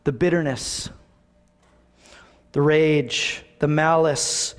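A male pastor preaching to his church in a conversational, animated way, full of rhetorical questions. His voice sits notably high. Long reverb from the church hall trails every phrase. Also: drawn-out words, clear, resonant tone. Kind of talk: sermon.

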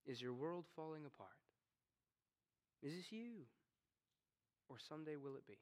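A man preaching a sermon, swinging from hushed, slow tones to stern, rising commands. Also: on the high side, lively intonation. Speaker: pastor.

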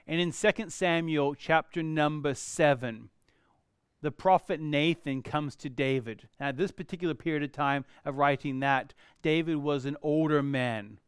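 A man's voice: on the high side, clear, resonant tone, dry recording, clean studio sound. A man preaching a sermon in an earnest, questioning way, driving his point home with repeated rhetorical questions. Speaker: pastor.

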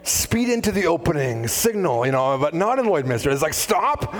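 A man preaching a sermon as pastor, conversational and animated, full of asides. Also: on the high side, normal speed.

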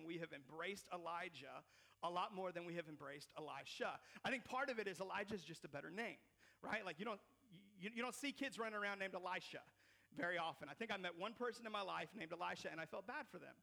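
A man in his thirties, a pastor preaching a casual, animated sermon full of slang and repeated words. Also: high voice, fast, vocal fry.

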